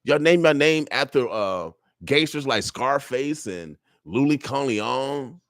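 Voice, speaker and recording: An older man holds forth into a studio microphone in a casual radio monologue, swinging between sermon-like urging and joking asides. He repeats his points again and again in loose street talk. His voice sounds close and dry, with no room around it, at a middle pitch for a man. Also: lively intonation, slow, few pauses, fairly bright tone, no room sound.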